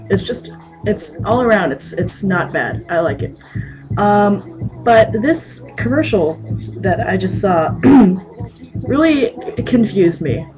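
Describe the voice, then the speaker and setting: A woman's voice: medium pitch, a little mellow, low-quality recording. A woman ranting casually to camera in a late-night vlog, rambling and hesitant with frequent filler words. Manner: rambling, hesitant, many ums and restarts.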